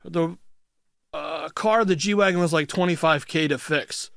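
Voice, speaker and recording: A man being interviewed in a radio studio, telling a story bluntly in quick, clipped phrases and swearing freely. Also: on the high side, creaky, a bit bright, smooth, dry recording. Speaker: interview guest. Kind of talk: casual storytelling. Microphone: studio microphone.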